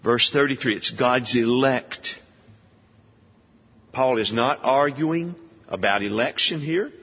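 Emphatic preacher in a reverberant hall. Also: male voice, medium pitch, breathy edge. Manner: emphatic, rhetorical questions, deliberate. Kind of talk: expository sermon. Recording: dull lo-fi audio with long hall reverb.

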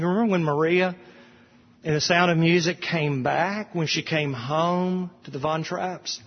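Male pastor, fairly high husky voice, earnest sermon delivery, echoey and muffled hall recording. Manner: earnest preaching, slowing on key phrases. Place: church sanctuary.

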